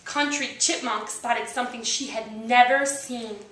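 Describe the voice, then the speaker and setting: A woman reading a picture book aloud, telling the story slowly and deliberately, recorded on a handheld camcorder. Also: on the high side, fairly even intonation, a bit bright, slight background noise. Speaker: storybook reader. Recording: roomy, recorded from a distance.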